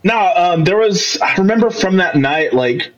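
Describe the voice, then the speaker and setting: A man's voice: sits high, animated, normal speed, a bit bright, lo-fi sound. A man co-hosting a podcast in casual chat, laughing often and rambling. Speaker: podcast co-host.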